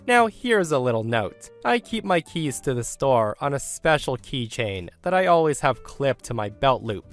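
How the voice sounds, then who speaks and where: A man reads a workplace story aloud in a scripted first-person narration. His mid-height voice swings widely in pitch. Faint music plays underneath. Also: normal speed, few pauses. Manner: lively first-person retelling.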